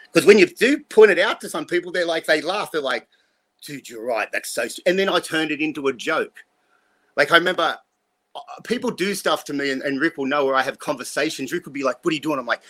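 A man's voice: a little high, animated, brisk, a bit bright. A blunt man in his fifties, rambling and swearing as he talks through life lessons in an interview. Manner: blunt, rambling, profane motivational talk. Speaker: guest. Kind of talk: casual interview talk.

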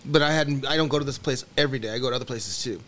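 Brief: mid-pitched man, halting and rambling, light background hum. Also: fairly bright tone. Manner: hesitant, rambling start with many fillers. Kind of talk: casual chat.

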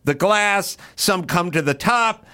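A man telling a story in casual podcast chat, animated and profane, acting out what he said in the moment. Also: sits high, takes it slowly, smooth. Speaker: comedian guest.

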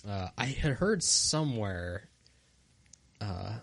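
A man speaking in relaxed, measured comments during casual chat. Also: lowish voice, gravelly.

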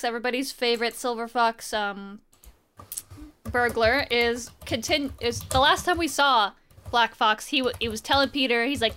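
A young woman casually recapping a comic on a podcast, chatty and wry, slipping into quick voices for the characters. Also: fairly high pitch, a bit bright, clear, resonant tone. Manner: chatty, wry asides, acts out quoted lines. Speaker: podcast co-host.

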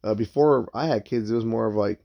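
A man's voice: on the low side, brisk, gravelly. A man telling a rambling work story in a casual, profane way, acting out what others said. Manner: rambling, swears a lot, acts out quoted voices. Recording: dull lo-fi sound.

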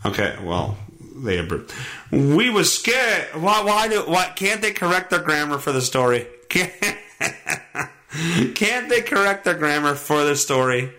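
Male podcast host, sarcastic ranter, lively pitch, echoey room. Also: a little slow. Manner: sarcastic, ranting, swings up and down in pitch. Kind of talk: casual solo podcast commentary. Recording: roomy echo.

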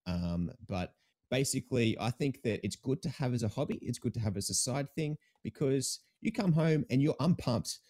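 A man's voice: mid-range voice, animated, normal speed, darkish tone. A young adult man with an Australian accent, chatting casually and upbeat as a guest streamer, with loose slangy phrasing. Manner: laid-back, upbeat, slangy. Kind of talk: casual chat.

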